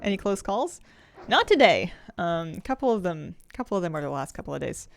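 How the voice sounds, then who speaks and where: Woman game streamer, gravelly fry, chatty and laughing, thinking aloud. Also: fairly low pitch, sing-song, fairly quick. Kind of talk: casual gameplay commentary.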